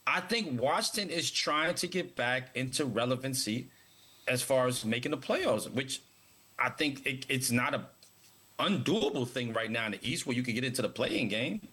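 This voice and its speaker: Guy on a sports talk show, bright husky voice, keeps repeating himself when he gets going. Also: medium pitch, animated, normal speed. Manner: emphatic, repeats words when starting thoughts.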